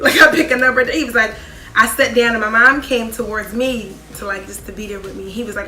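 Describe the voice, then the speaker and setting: A young woman in her twenties telling a casual storytime, chatty and animated, full of "like" and quick asides. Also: a little high, roomy sound, soft background music. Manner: chatty, animated, heavy use of "like". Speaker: vlogger.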